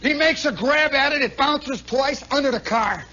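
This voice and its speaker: A man, a radio host, telling a comic story live in a nightclub, animated and chuckling with lots of asides. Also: very high voice, normal speed, a little hiss or hum. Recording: muffled 1960s live radio recording.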